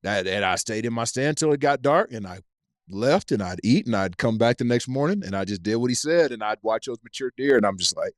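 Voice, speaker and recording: A man from East Tennessee chats as a podcast guest, an animated storyteller with plenty of profanity. His voice sits mid-range. The recording is dry. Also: medium pitch, fairly quick, no room sound. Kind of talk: casual chat.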